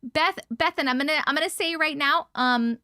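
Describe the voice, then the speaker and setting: A woman's voice: high voice, normal speed, sharp tone, dry recording, studio quality. A woman hosting a casual live stream, bubbly and laughing as she chats with viewers by name and reads their stories. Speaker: livestream host reading viewer stories.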